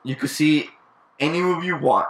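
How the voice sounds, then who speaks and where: A man hosting a casual podcast, leading the topic in a relaxed way and swearing now and then. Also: fairly high pitch, moderate pace, roomy sound. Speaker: podcast host. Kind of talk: casual chat.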